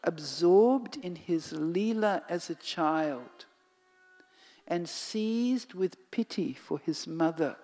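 A storyteller narrating a devotional tale slowly and expressively, sinking to a whisper at times. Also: mid-range voice, a little mellow. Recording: long hall reverb, faint music.

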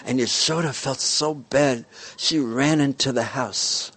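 A man telling a devotional story in a gentle, repetitive storytelling manner. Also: medium pitch, a little slow, husky.

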